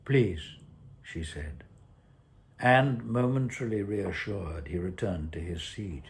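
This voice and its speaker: Male actor, story narration, low voice, gravelly, measured. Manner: measured, deliberate reading. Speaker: actor reading his own story.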